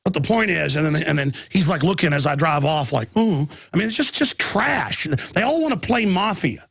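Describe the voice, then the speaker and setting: A man's voice: a little high, very animated, fairly quick, creaky, a bit bright, slightly rough, no echo, studio quality. A man hosting a talk radio show, rambling and agitated with many restarts, talking through a chest cold with coughing.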